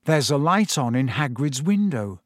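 A man's voice: mid-range voice, big pitch swings, normal speed, dry recording, clean studio sound, natural voice. A man voicing a firm teenage schoolboy. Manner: pointed, firm. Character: determined, pointed teenage schoolboy.

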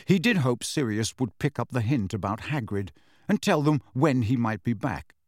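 A man narrates an audiobook in a steady, measured way, at a mid-range pitch. The recording is dry and close, with no room echo.

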